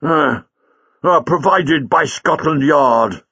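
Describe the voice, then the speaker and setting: A man voicing a bluff, blustering male gentleman who speaks vaguely, on a dull lo-fi recording. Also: mid-range voice, big pitch swings, measured pace, slightly rough, voice pushed up, full character voice.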